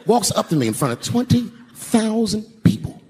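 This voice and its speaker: A man's voice: high voice, very animated, moderate pace, a little mellow. An older man telling a profane stand-up story on an arena stage, acting out the voices of the people in it. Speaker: stand-up comedian. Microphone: handheld stage mic. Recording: live arena recording with crowd noise. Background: audience laughter.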